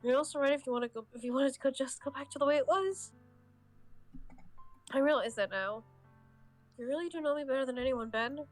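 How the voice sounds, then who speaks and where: A woman reading out the lines of a teenage girl who hides deep sadness, soft and wavering. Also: close to an everyday voice. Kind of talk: reading game dialogue aloud.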